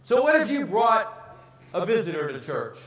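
Guy preaching in a church, kinda high voice, lots of echo, keeps asking the crowd questions. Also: moderate pace, recorded from a distance. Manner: animated preaching with rhetorical questions. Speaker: pastor. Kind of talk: sermon.

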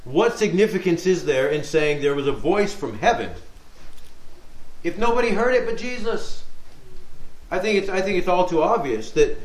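A man leading a Bible study, reading scripture aloud and talking it through conversationally with rhetorical questions. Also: sits high. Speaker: Bible teacher. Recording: echoey room sound.

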